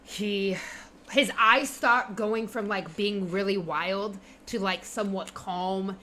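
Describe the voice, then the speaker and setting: Slow-talking woman game master. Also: mid-range voice, fairly even intonation, sharp tone, slight background noise. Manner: rambling, with many fillers and laughs. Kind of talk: narrating a tabletop game on a stream.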